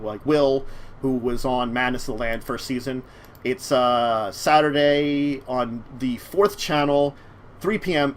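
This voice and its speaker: A man hosting a casual tabletop-gaming talk show, his voice in a middle range. He rambles a little as he thinks aloud, with faint noise behind him. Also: mid-range voice. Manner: rambling, many fillers and restarts. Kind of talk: casual chat about tabletop games.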